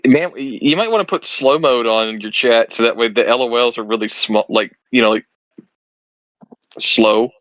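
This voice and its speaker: A man's voice: mid-range voice, moderate pace, a bit bright, no room sound, highs cut off. A man bantering and teasing on a casual live stream, stammering through restarts. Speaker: co-host guest.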